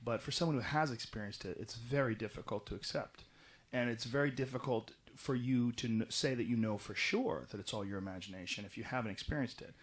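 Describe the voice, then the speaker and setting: Man, middle-aged, podcast guest, casual, swearing, rambling, mid pitch. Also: fairly quick. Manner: animated, profane, rambling storytelling. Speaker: podcast guest recounting experiences.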